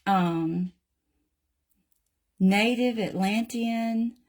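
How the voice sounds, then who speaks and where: A woman's voice: medium pitch, very slow, a little mellow. An older woman with a Southern US accent, casually chatting through a painting demonstration in a folksy way and addressing viewers by name. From Southern United States. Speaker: craft channel host.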